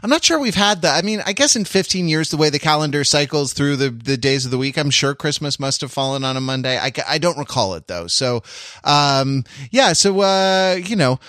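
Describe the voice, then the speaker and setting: A man's voice: on the high side, animated, brisk, a bit bright, no echo, clean studio sound. A man hosting a podcast in casual chat, rambling with many fillers and restarts. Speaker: podcast host.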